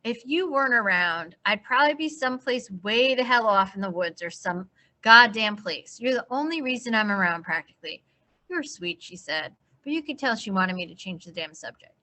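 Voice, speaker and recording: Bright-voiced woman teacher reading aloud. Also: medium pitch, brisk. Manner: expressive, casual first-person reading. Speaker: English teacher.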